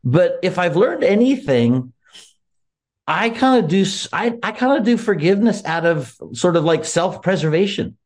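A guest in a casual faith talk, a man speaks earnestly about faith and forgiveness in a high-pitched, animated voice at normal speed. He laughs often and keeps restarting his sentences.

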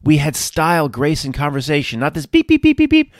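A man's voice: a little high, wildly swooping pitch, brisk, dry recording, clean studio sound. A man putting on a ranting Frenchman. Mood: mocking rant. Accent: mock French. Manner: loud exaggerated imitation. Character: bitter ruined Frenchman, aging ex-dandy.

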